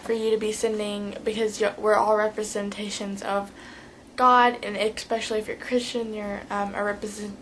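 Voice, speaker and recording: A woman's voice: mid-range voice, little pitch movement, normal speed, fairly bright tone, slight background noise, low-quality recording. A teenage girl giving a rambling, chatty vlog tutorial, full of fillers. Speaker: vlogger.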